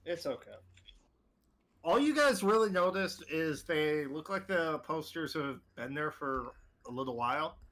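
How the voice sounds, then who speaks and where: A man's voice: fairly high pitch, animated, unhurried, a bit bright. A man narrating as game master in a casual tabletop game, swearing freely.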